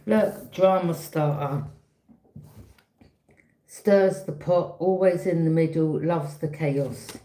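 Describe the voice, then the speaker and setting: A woman giving a casual, chatty tarot reading, often checking in with a quick "yeah?". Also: deep voice, warm tone. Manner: chatty, repeats herself, frequent "yeah?" check-ins. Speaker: tarot reader. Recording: roomy echo.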